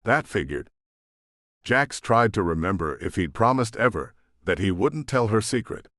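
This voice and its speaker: A male audiobook narrator with a fairly low voice, reading in measured storytelling with lively shifts of pitch. The recording is dry and close. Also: dry recording. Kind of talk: scripted narration.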